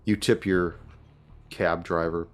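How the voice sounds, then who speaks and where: A man's voice: low voice, steady tone, takes it slowly, noisy background. A man narrating a tabletop game as game master, in a laid-back way with casual fillers.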